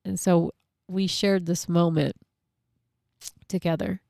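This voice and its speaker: A middle-aged woman shares a personal story about her son in a candid, heartfelt way, full of casual fillers. Her voice sits low and carries a gravelly fry. The recording is dry and close, with no room sound. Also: flat delivery, takes it slowly, dark tone, no echo. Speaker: mother sharing a parenting story.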